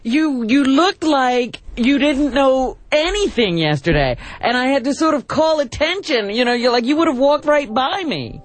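A woman's voice: high-pitched, lively intonation, normal speed, hardly any pauses, dry recording. A woman co-hosting a radio talk show, bantering in a teasing, defensive way. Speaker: radio co-host.

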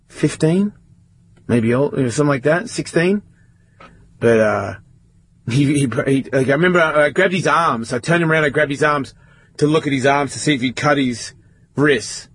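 A man tells a story in casual chat, swearing freely. His voice is husky and breathy, sitting at a middle pitch. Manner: swearing often, animated retelling.

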